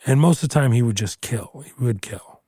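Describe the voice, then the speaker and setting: A man in his thirties talks in loose, animated banter, trading jabs and dropping swears. His voice sits mid-range. The sound is dry and close with no room around it. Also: mid-range voice, brisk, slightly rough, no echo. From Houston, Texas. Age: 30s. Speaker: comedian co-host. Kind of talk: casual chat.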